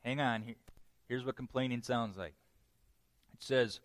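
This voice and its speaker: A man preaching a sermon, teaching in a lively way with playful jokes and asides. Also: mid-range voice, unhurried, pauses often, dry recording. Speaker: pastor.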